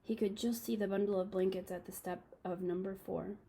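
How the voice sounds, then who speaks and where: A woman reading a children's novel aloud to a class, calm and steady with small slips. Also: mid-range voice, fairly quick, husky, rough recording.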